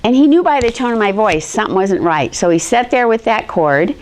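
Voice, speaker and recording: A middle-aged woman teaching a history lesson, telling personal stories in an animated way and acting out the quotes. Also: mid-range voice, a little fast. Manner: animated storyteller, acts out quotes in shifting voices.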